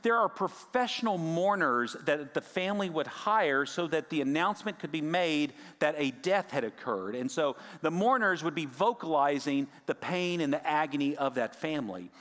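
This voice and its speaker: Man, pastor, sermon, slightly high voice, loud-to-hushed swings, long hall reverb. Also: animated, moderate pace, few pauses. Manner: dramatic swings from loud to hushed near-whispers.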